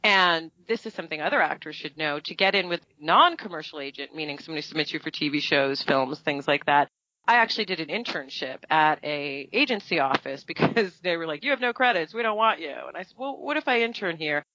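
A woman actress talking through her career in a casual interview. Her voice is bright and carries a lot of movement as she acts out quotes. The sound is dry and a little dull. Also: a little fast, no room sound. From New York. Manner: animated storytelling, acting out quotes with big pitch jumps. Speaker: actress and guest.

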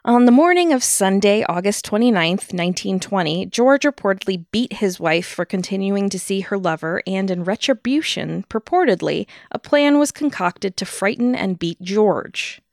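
Podcast co-host, woman, gravelly low voice, casual storyteller who laughs a lot, dry close recording. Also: lively intonation, moderate pace, hardly any pauses, darkish tone, no echo. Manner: laughs often while narrating. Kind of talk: casual chat, reading a true-crime history.

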